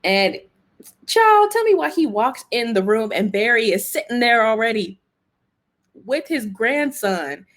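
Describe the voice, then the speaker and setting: A woman hosts a casual TV recap podcast. She is animated and chatty, with plenty of fillers, and she acts out what the characters say. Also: fairly high pitch, measured pace. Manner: animated, acts out characters' lines, exclaims and laughs; chatty, lots of fillers like "like" and "you know". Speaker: podcast host.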